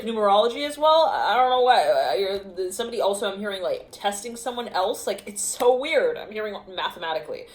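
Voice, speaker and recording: A woman's voice: mid-range voice, animated, a little fast, hardly any pauses. A woman giving an intuitive tarot reading to camera, rambling in fragments, often breaking into laughter. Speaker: tarot reader. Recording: echoey room with faint ambience.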